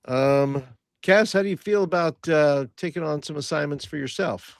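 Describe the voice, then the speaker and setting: A man's voice: fairly high pitch, moderate pace, gravelly, no room sound. Man, tabletop player, dry close sound, hesitant, casual. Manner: hesitant, many fillers, laughs easily. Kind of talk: tabletop role-play in character.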